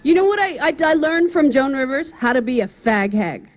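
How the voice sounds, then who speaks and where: High-voiced brash woman comedian. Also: lively intonation, moderate pace, noisy background. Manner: brash, profane, chatty storytelling. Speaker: stand-up comedian. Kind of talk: stand-up comedy set. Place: outdoor comedy event stage. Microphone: stage microphone.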